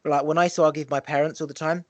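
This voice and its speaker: A man hosting a podcast, explaining his points in an animated way and acting out examples. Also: on the high side, very fast, dry recording. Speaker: podcast host. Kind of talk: casual podcast chat.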